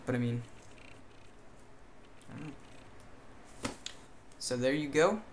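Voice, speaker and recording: A man's voice: medium pitch, slow pace, slight background noise. Tired rambling man in a put-on accent. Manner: hesitant and rambling, many fillers and restarts; puts on a vague mixed foreign-sounding accent. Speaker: vlogger. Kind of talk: casual chat to camera.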